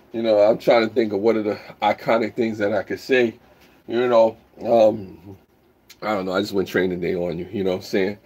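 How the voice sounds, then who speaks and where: A man hosting a casual live stream, rambling while he reads the chat aloud and bursts into loud whoops. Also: lowish voice, fairly even intonation, moderate pace, slightly rough.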